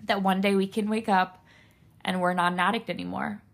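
A woman's voice: mid-range voice, fairly even intonation, a little fast, creaky. A young woman hosting a solo podcast, speaking earnestly and emotionally straight to her listeners, near tears. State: tearful. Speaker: podcast host.

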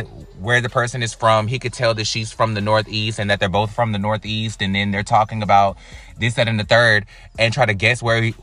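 An American man giving casual, chatty reaction commentary on a reality show, with animated, incredulous asides. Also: fairly low pitch. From United States.

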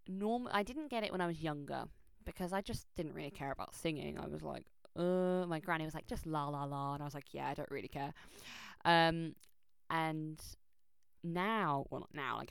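A young woman telling a personal story in a chatty, animated way, full of fillers and restarts. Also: deep voice, gravelly, clear, resonant tone, no room sound. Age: young adult. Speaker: vlogger. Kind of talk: casual storytelling. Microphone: close microphone.

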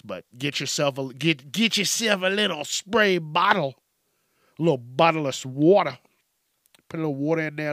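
A man hosting a solo podcast in a casual, profane, animated rant, acting out quotes and jumping between topics. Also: mid-range voice, dry recording, clean studio sound. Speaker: podcast host.

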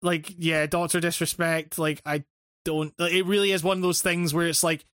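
A man's voice: fairly high pitch, flat delivery, normal speed, a bit bright, clear, resonant tone, no room sound. A man co-hosting a podcast in casual chat, stammering and agreeing a lot. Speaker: podcast co-host.

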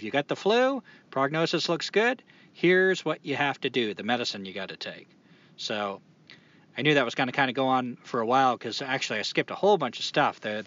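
A man's voice: mid-range voice, pushed and bright. A man co-hosting a podcast, reading a reflective passage and then talking casually and thoughtfully, with fillers and restarts. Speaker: podcast co-host. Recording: dull lo-fi sound.

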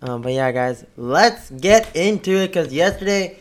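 A man hosting a casual sports podcast, upbeat and chatty, with a slightly hoarse voice. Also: fairly high pitch, lively intonation, a little slow. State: a bit hoarse. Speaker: podcast host.

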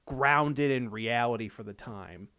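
A man co-hosting a podcast, talking casually with crude jokes and quick interjections. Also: mid-range voice, bright, forceful tone, clear, resonant tone. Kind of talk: casual movie discussion.

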